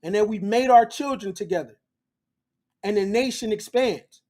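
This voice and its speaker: High-voiced, blunt, slangy man. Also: moderate pace, dark tone. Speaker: host. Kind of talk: lecture-style commentary.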